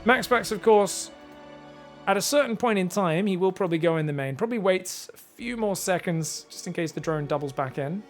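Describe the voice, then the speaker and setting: An Australian man giving casual solo play-by-play commentary on an esports match, chatty and thinking aloud, getting excited on big plays. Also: high voice, moderate pace, faint music behind. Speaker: esports caster.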